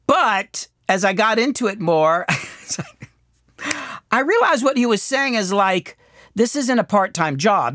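A man's voice: sits high, a little slow, dry recording. Candid middle-aged man telling stories, dry close sound. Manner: candid, self-deprecating, swings from animated to hushed and reflective. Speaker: music producer and host. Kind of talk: candid storytelling monologue.

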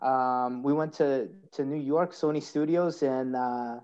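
A man on a DJ panel who reminisces in casual talk, halting and often repeating his words as he goes. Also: medium pitch, fairly even intonation, a little mellow, clear, resonant tone. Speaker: guest DJ. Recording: dull, muffled mic.

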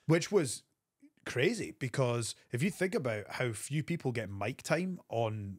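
Man telling a lively story. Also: breathy edge, no room sound, clean studio sound. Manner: animated storyteller, quick bursts of pitch. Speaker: wrestler guest. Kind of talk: storytelling interview.

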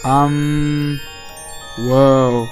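A young man hosting a let's play, reacting excitably and profanely to a puzzle game as he plays. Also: mid-range voice, extremely slow, soft background music. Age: young adult. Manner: excitable, profane, often laughing. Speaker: gaming channel host.

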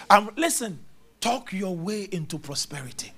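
A man preaching a charismatic sermon, animated, acting out little scenes with mimicked voices and sounds. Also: high voice, a little fast. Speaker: prophet preaching.

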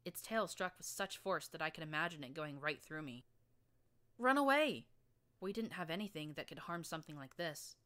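Brief: female audiobook narrator, low-pitched but bright and crisp, dramatic first-person action reading. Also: a little fast, hardly any pauses. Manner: vivid, action-driven storytelling.

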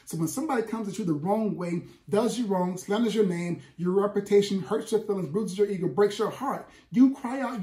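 A male preacher delivers a sermon with emphatic, rhythmic repetition. His voice is mellow and dark in tone. The sound rings in a roomy, echoing church space. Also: high-pitched, brisk, few pauses. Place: church sanctuary.

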